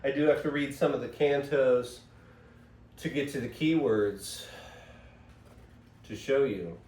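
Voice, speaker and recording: Captured on a phone from across an echoey room with faint hiss, a male host drifts through a casual spiritual monologue, wandering off topic and cutting himself off. His mid-range, darkish voice keeps a measured pace.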